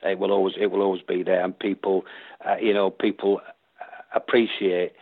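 A man's voice: deep voice, level tone, normal speed, dry recording. A man with a Yorkshire accent, an actor chatting as a guest in an interview, rambling with restarts. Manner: rambling, full of restarts and acted-out quotes. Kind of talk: casual interview chat. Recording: tinny dry phone line.

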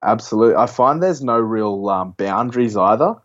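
Male co-host, easygoing banter, low voice, muffled lo-fi recording. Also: expressive. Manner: easygoing, quick to laugh and egg on. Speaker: podcast co-host. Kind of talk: casual banter.

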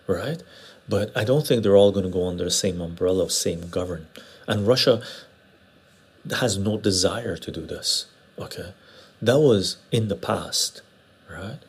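Man, gravelly voice, rambling livestream chat, lapel mic. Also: deep voice, a little mellow. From Western Canada. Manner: rambling, conversational, often tags "right?". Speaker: livestream host. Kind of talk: casual livestream chat answering viewer comments.

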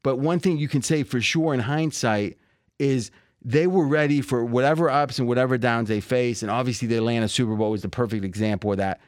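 A man's voice: mid-range voice, fairly quick, no room sound. Dry-voiced chatty male sports host. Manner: chatty, laughs often, restarts phrases. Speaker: sports betting podcast host. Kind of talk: casual sports chat.

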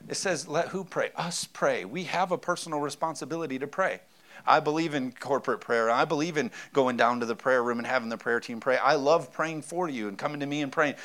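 A man's voice: fairly high pitch, fairly bright tone. A man in his thirties, a pastor preaching a sermon with emphasis and often calling out for an amen.

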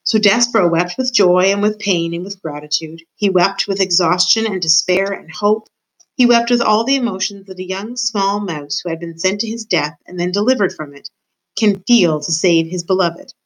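A woman teacher reading a children's book aloud to her class, warm and expressive in her storytelling. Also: medium pitch, normal speed, poor audio.

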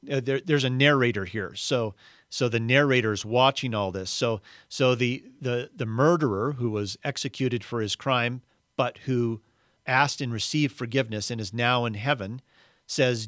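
Man talking faith on his podcast, earnest and chatty, mid-pitched, dry close sound. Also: normal speed, fairly bright tone, dry recording. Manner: earnest, conversational, with small fillers. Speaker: podcast host. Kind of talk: reflective Christian teaching.

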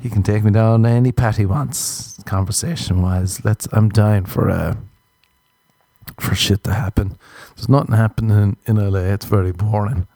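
Gravelly deep-voiced man riffing crudely. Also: fairly even intonation, normal speed, dark tone, no room sound. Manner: crude, rambling, profane. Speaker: podcast host. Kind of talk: comedic monologue. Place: Los Angeles.

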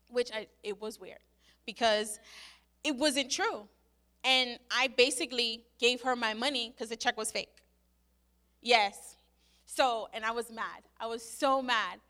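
Brief: young woman, chatty testimony, crisp bright tone, slightly high voice, lots of "like". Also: a little slow. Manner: animated, acts out her own quotes, many "like" fillers. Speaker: speaker sharing a testimony. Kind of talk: casual storytelling testimony.

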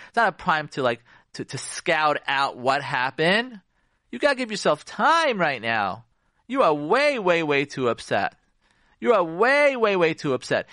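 A rabbi gives marriage advice on the radio in a lively way, acting out conversations and putting questions to his listeners. His voice is fairly high and bright, and it jumps around a lot in pitch. The studio sound is close and dry. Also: no room sound. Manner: animated, acts out conversations and asks the listeners questions. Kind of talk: radio talk.

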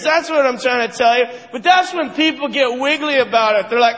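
A male stand-up comedian performing live, ranting animatedly with shouted bursts. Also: extremely high pitch, fairly quick, few pauses. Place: large hall stage with live audience. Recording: live hall with audience and ambience.

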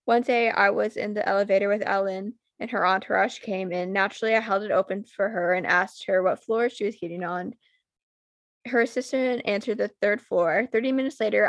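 A woman's voice: mid-range voice, steady tone, moderate pace, creaky, fairly bright tone, no echo. A young woman co-hosting a casual podcast, swearing freely and filling her talk with "like". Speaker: podcast co-host.

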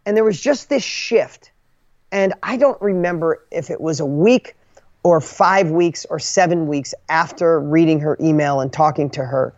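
A man telling his own story as a guest author, emphatic and animated, often restarting his sentences. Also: sits high, no echo, dull audio. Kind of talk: conversational storytelling.

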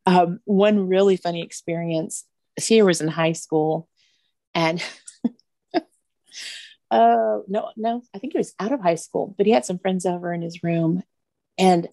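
Woman, middle-aged, interview guest, low gravelly voice, laughs while telling stories. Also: measured pace, pauses often, dark tone, dry recording, clean studio sound. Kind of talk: conversational storytelling.

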